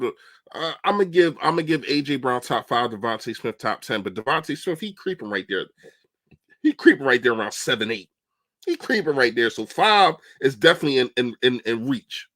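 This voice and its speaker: A man's voice: mid-range voice, a bit bright, no room sound. A young man on a casual football livestream, chatting animatedly and answering viewers' comments. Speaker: livestream host. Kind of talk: casual live-stream football talk.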